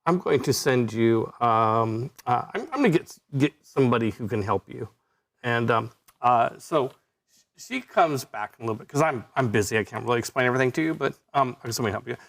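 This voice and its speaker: A man running a live tabletop game as game master, with a gravelly edge of vocal fry. He talks haltingly, with plenty of fillers and restarts, at a middling pitch. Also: animated, fairly bright tone. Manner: halting, many fillers and restarts, laughs easily.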